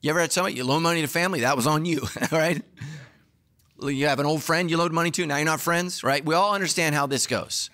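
A middle-aged man preaching a sermon as a pastor, telling the story with acted-out dialogue and sudden swings between loud and hushed. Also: fast talker. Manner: animated storytelling, acting out dialogue with big pitch swings.

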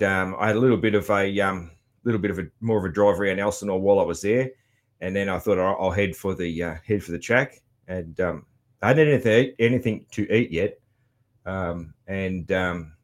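A man with an Australian accent giving a casual, rambling travel recap, swearing freely with many ums and restarts. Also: deep voice. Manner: loud, chatty. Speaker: vlogger.

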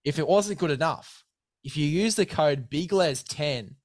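A man's voice: on the high side, lively intonation, a little slow, dry recording. Blokey Australian male podcast host. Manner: blokey, matey, hyped ad-read banter. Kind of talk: casual sports chat.

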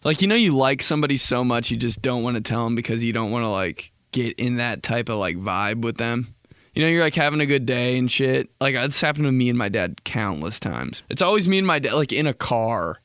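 A man's voice: medium pitch, brisk, smooth, dry recording, clean studio sound. A man hosting a podcast, telling stories in a casual, profane, rambling way. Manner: profane, rambling, animated storytelling. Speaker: podcast host. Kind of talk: casual comedic monologue.

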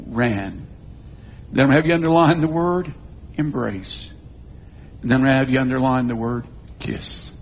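Emphatic pastor preaching. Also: male voice, a little high. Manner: emphatic, wide swings between loud stresses and near-hushed drops. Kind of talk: sermon.

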